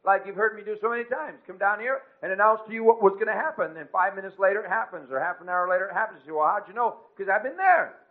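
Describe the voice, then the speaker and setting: A man preaching a sermon, rising to emphatic peaks and dropping to quiet asides. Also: high voice, lively intonation, quick pace, hardly any pauses. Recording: tinny phone-like lo-fi recording.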